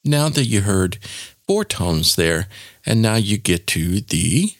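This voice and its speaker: A man hosting a casual software tutorial, explaining each step in an informal, demonstrative way. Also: on the low side, sing-song, slow pace, no echo, clean studio sound. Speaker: tech tutorial host.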